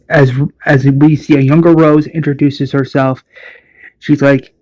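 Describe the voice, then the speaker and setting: A man's voice: medium pitch, little pitch movement, moderate pace, darkish tone, highs cut off. Casual man recapping his fan series. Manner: casual, loose, filler-heavy. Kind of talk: casual episode recap narration.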